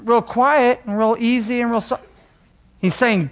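A man preaching a sermon as a pastor, animated and emphatic, sometimes acting out the voices he quotes. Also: extremely high pitch, measured pace.

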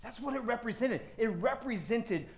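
A man preaching a sermon as pastor, animated and acting out voices of crowds and of God. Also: very high voice, moderate pace, roomy sound.

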